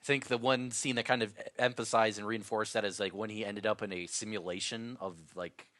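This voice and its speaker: Lower-pitched man musing on a podcast. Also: fairly even intonation, a little fast, a bit bright, no room sound. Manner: hesitant, searches for words, repeats himself. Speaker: podcast co-host. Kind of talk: casual podcast discussion.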